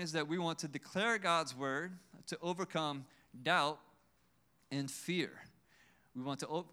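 A man preaching a sermon, building up to loud, emphatic declarations. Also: on the high side, smooth.

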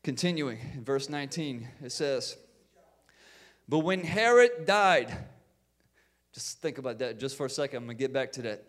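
A pastor preaching a sermon, building in fervor, with repeated words and calls of amen. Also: male voice, mid-range voice, lively intonation, moderate pace, pauses often.

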